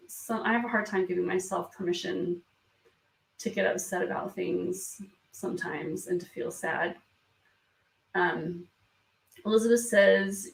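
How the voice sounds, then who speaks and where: A woman hosting a live stream, reading viewer comments aloud in a soft, hesitant way while fighting back tears. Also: medium pitch, creaky. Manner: soft, hesitant, many ums and restarts. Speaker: beauty vlog host. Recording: roomy sound from a distance from the mic.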